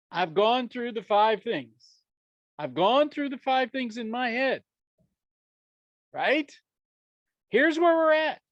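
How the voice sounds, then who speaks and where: A man telling a business story to an audience, animated and acting out the dialogue, chuckling often. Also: sits high, dry recording, dull audio. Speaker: speaker sharing a business story.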